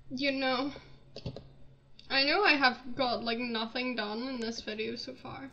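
A woman's voice: high-pitched, slow pace, pushed and bright, highs cut off, soft background music. A young woman giving casual gameplay commentary, flustered, laughing and easily panicked. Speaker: gaming channel host.

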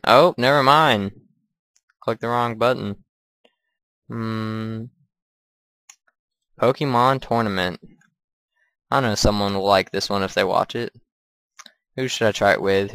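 A man's voice: fairly low pitch, creaky, fairly bright tone, dry recording. A man giving crude, profane let's play commentary while gaming. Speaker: gamer.

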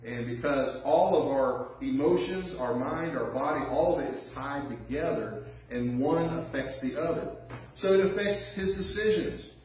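A pastor preaching a sermon in a conversational way, drawing out words for emphasis and telling personal stories. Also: male voice, medium pitch, moderate pace, a little mellow, a little hiss or hum. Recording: echoey church heard from far off, dull sound.

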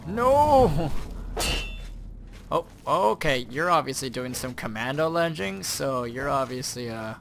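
A man giving excitable, swearing commentary while playing a video game, with surprised yelps. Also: mid-range voice, normal speed, gravelly, few pauses, noisy background. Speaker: let's play gamer. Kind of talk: casual gameplay commentary. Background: game music.

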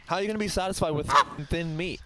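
A man's voice: high voice, quick pace, faint music behind. A young man co-hosting a casual vlog, bantering in a teasing, playfully contrary way, outdoors on a city street. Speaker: vlog co-host. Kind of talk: casual chat.

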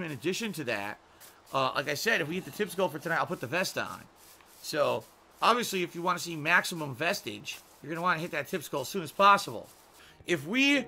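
Brief: male livestreamer, lively and high-leaning, bright edge, chatty with sudden loud bursts. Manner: animated, swings from loud outbursts to low grumbling. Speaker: livestream host. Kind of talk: casual livestream chat.

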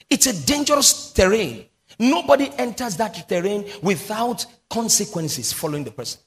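In a large church hall with long reverb, a male pastor with a Nigerian English accent preaches in a high, very animated voice at normal speed. He drills key phrases through call-and-response with the congregation and breaks into prophetic prayer.

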